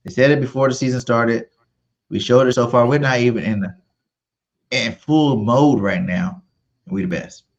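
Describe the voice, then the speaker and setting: A man of ordinary pitch brags about his football team in a casual sports debate, repeating his point to hammer it home. His voice comes through slightly dull and muffled, as if over a modest mic. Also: moderate pace, pauses often. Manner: boastful, insistent fan banter. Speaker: sports podcast co-host.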